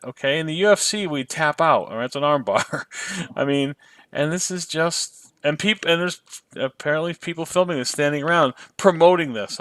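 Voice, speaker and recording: A man co-hosting a podcast, talking in an emphatic, exasperated and animated way. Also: fairly high pitch, no room sound. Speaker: podcast co-host. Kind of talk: casual podcast discussion.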